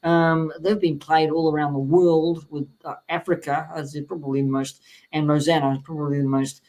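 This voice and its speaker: A man's voice: a little high, normal speed, rough recording. Male co-host, hyped promo-style patter, filler-heavy. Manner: excitable, promo-like delivery with many fillers. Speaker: music show co-host. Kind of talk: casual music chat.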